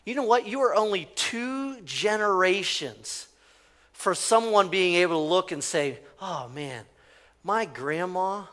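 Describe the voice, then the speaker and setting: In a church sanctuary, a male pastor preaches a conversational sermon and leads the congregation in call-and-response. His voice is high, expressive, unhurried, and fairly bright.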